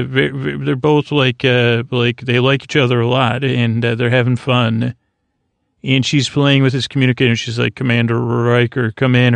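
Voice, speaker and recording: Male podcast host, gravelly and monotone, meandering sleepy recap, dry close mic. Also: medium pitch, dry recording. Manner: meandering, filler-heavy, halting. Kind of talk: drowsy, rambling episode recap.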